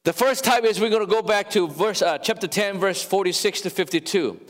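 A male pastor preaching a sermon, addressing the congregation directly, animated and drawing words out as he cries them louder. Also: high-pitched, a little fast, long reverb tail. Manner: talks straight to the congregation, with fillers and restarts. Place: church sanctuary.

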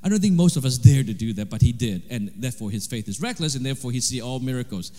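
A man preaching a sermon, animated, swinging between loud emphasis and quiet asides. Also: medium pitch, quick pace, in a large hall. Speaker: pastor.

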